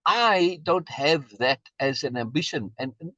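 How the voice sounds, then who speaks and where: A man's voice: fairly high pitch, animated, measured pace, fairly bright tone, no echo, highs cut off. A man musing reflectively in a casual video meeting, stammering and repeating words as he talks. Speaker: meeting participant being honored.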